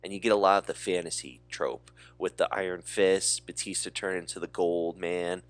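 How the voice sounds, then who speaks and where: A man's voice: low voice, little pitch movement, moderate pace. A man co-hosting a movie podcast, talking enthusiastically and rambling with fillers. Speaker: podcast co-host. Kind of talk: casual movie chat.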